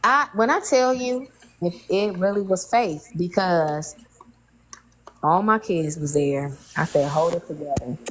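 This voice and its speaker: Candid woman with a lowish voice. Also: a little slow, a little hiss or hum, rough recording. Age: 30s. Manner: candid, colloquial, emotional storytelling. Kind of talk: casual chat, personal story.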